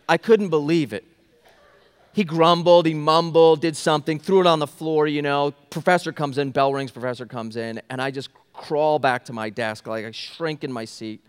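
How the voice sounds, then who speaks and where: High-voiced young pastor in a reverberant hall. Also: male voice, moderate pace, smooth. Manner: animated, swings from loud and urgent to hushed and quiet. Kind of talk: sermon storytelling. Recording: long reverb of a large hall.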